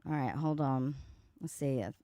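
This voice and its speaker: A woman's voice: rumbling low, moderate pace, mellow, no room sound. A woman hosting a casual commentary livestream, mocking and swearing. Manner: sassy, mocking, swears a lot, laughs at clips. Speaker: livestream host.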